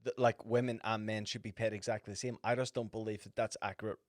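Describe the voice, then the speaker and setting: A man's voice: lowish voice, level tone, fast, no room sound, clean studio sound. A man co-hosting a casual livestream, laid-back and skeptical, swearing casually. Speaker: livestream co-host.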